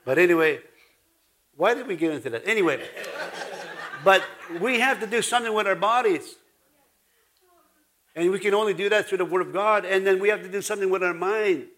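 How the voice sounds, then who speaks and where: The voice sits high and a bit bright, with a brisk delivery broken by long pauses. A pastor speaking Ojibwe-influenced Canadian English preaches folksily, joking with the congregation and prompting responses.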